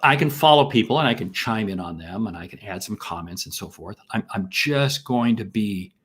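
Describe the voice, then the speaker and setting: A middle-aged American man hosting a live sales masterclass, enthusiastic and full of rhetorical questions and shout-outs to viewers. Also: fairly low pitch, lively intonation, normal speed, breathy edge. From United States. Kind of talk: energetic live-stream teaching.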